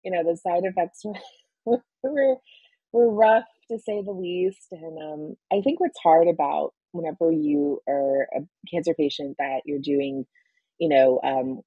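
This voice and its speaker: A woman's voice: low-pitched, moderate pace, creaky, husky, no echo, phone-quality sound. A woman in her forties telling her story as a cancer patient in an interview, earnest and emotional, with frequent restarts. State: emotional, near tears.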